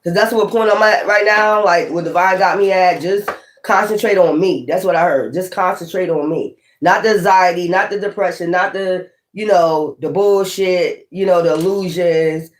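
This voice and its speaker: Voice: medium pitch, steady tone, normal speed. A tarot reader giving a casual spoken reading, rambling and profane, using streetwise slang and repeating points for emphasis.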